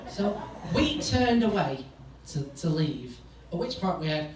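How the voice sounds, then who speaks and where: A male stand-up comedian, telling a rambling, sweary story in a deadpan way on a club stage. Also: fairly high pitch, measured pace, few pauses, crowd noise. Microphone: stage mic. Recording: echoey room from far off, noisy. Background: audience laughter.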